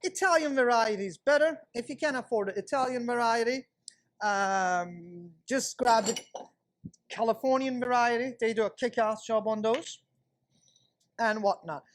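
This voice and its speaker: A man's voice: very high voice, moderate pace, slight background noise. A man working as a chef instructor, talking viewers through a cooking class demonstration in a kitchen and explaining each step as he cooks.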